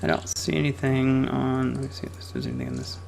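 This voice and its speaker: A man's voice: mid-range voice, very animated, fast talker, gravelly, a little mellow, a little hiss or hum. A man hosting a casual gaming podcast, chatty and loose, talking while he fiddles with his audio settings. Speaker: podcast host.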